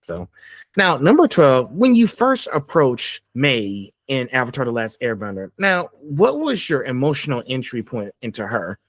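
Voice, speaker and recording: A man's voice: medium pitch, wildly swooping pitch, normal speed, no echo. A man hosting a casual interview, asking rambling questions with lots of fillers. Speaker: podcast host, interviewer.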